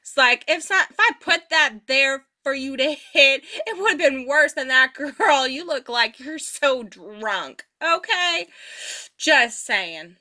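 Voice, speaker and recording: A woman voicing a signed personal anecdote as an interpreter, casual and animated, chuckling often. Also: sits high, takes it slowly. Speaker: sign language voice interpreter.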